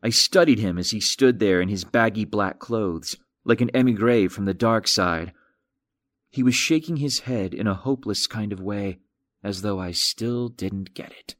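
A man narrating a mystery audiobook in an even, wry, measured manner. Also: fairly low pitch, no echo, studio quality. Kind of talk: scripted narration.

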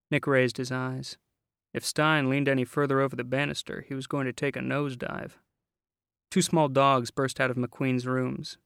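Guy reading an audiobook, gravelly voice, dry close mic, measured and wry. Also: medium pitch, a bit bright, dry recording. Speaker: audiobook narrator. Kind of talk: scripted narration.

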